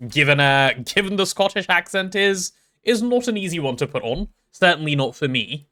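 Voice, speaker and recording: Man, streamer, bright voice, very lively pitch, rambling casual chat, desk mic. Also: normal speed. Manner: rambling, chatty, reads chat aloud, many restarts. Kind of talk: casual live-stream chat while playing.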